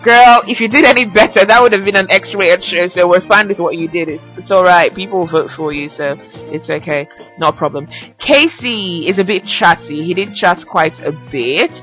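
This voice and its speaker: A woman's voice: lowish voice, normal speed, a bit bright, soft background music, rough recording. A young woman hosting a casual solo podcast, chatty and teasing, laughing often at her own remarks. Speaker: podcast host.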